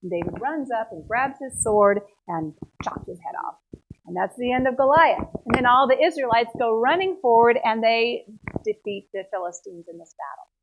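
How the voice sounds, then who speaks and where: A woman teaching a Bible lesson, retelling the story in a lively, conversational way. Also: fairly high pitch, moderate pace, slight background noise. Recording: tinny phone-like sound.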